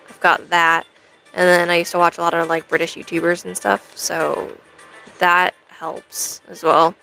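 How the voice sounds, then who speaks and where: A woman's voice: lowish voice, vocal fry, pushed and bright, low-quality recording. A young American woman live streaming, chatting in a rambling way to her viewers. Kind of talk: casual chat to a live stream audience.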